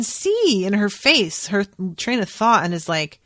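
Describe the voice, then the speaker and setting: A woman's voice: mid-range voice, sing-song, a little slow, hardly any pauses, fairly bright tone, no echo, clean studio sound. A woman hosting a podcast, recapping book chapters in a chatty way, with lots of "like" and "um" and some casual swearing. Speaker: podcast host.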